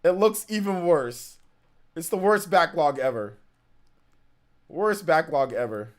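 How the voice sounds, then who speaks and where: A man hosting a casual gaming live stream, excitable, repeating himself and laughing at himself as he talks. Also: fairly high pitch, slow pace.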